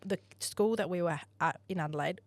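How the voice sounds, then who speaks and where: An Australian woman, a podcast guest, telling a story in a chatty, animated way and acting out the dialogue. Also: on the low side, fairly quick, no echo. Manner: chatty, animated, acts out dialogue, laughs often. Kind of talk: casual storytelling in a podcast interview.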